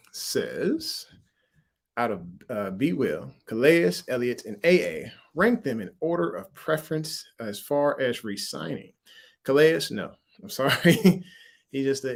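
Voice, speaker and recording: A man from Louisiana hosts a casual sports livestream, talking with a mixed Southern and military accent. His delivery is animated and slangy, and he breaks into laughs often. His voice sits at an ordinary middle pitch. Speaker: livestream host.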